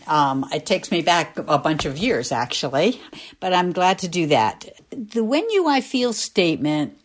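Animated older woman explaining thoughtfully. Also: fairly low pitch. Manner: reflective, explanatory, with restarts. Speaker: guest, former school nurse. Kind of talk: casual conversation.

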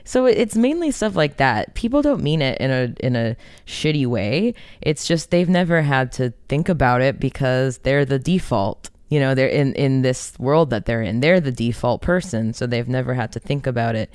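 Smooth-voiced candid woman singer. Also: rumbling low, normal speed, hardly any pauses, dry recording, studio quality. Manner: candid and expressive, swears freely. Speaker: rock band singer being interviewed. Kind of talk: casual interview conversation.

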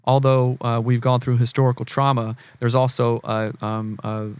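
A man's voice: medium pitch, flat delivery, normal speed, clean tone, no room sound. A man from the American South, talking casually as a podcast guest, earnest and full of examples, fillers and restarts. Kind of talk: casual conversation.

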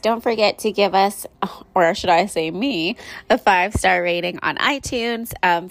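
A woman's voice: medium pitch, no room sound. A young woman hosting a casual solo podcast, rambling through stories with many fillers, tired and a little out of breath. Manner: rambling, filler-heavy storytelling. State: tired, catching her breath. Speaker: podcast host.

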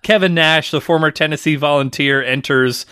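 A man's voice: a little high, fairly even intonation, moderate pace, bright, forceful tone, smooth, no echo, studio quality. A man co-hosting a podcast, recapping a wrestling match in casual chat and teasing his partner. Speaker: podcast co-host.

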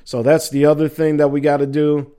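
A man's voice: on the high side, completely flat delivery, a little fast, warm tone, smooth. A middle-aged man hosting a casual sports talk show, rambling and joking with listeners. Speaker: sports podcast host.

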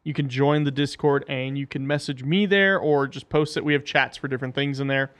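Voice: mid-range voice, fairly even intonation, brisk. A podcast host casually chatting while reacting to videos and reading viewer messages.

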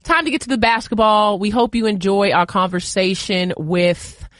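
A woman's voice: mid-range voice, moderate pace, a bit bright, no room sound, clean studio sound. A woman hosting a podcast, chatting playfully with a guest and laughing easily. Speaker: podcast host. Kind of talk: casual chat, interviewing a guest.

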